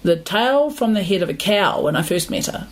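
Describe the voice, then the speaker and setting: A middle-aged woman farmer with a New Zealand accent, chatting as a guest with dry, teasing humor, her voice a little squeaky and uneven from hay fever. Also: animated, normal speed, rough recording. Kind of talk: casual interview chat.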